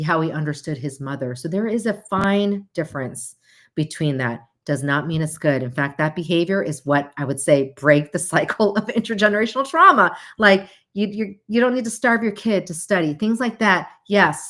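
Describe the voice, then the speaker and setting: A woman hosting a casual livestream talk and chatting to her audience, animated, with frequent laughs and asides. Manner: animated, acts out quoted voices with big pitch jumps. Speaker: host.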